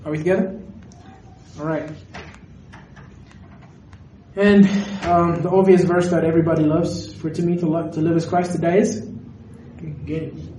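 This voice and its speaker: A man preaching a sermon, animated and questioning his audience directly. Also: a little high, normal speed, pauses often, slight background noise. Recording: echoey hall recorded from a distance.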